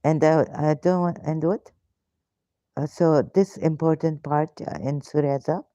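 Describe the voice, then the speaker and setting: The host, an ex-Muslim woman running a live Q&A, has a low, dark voice with fairly even intonation and a measured pace, free of room sound, though the stream audio is dull and lo-fi. Indignant and emphatic, she piles on rhetorical questions, hesitating with fillers and broken grammar.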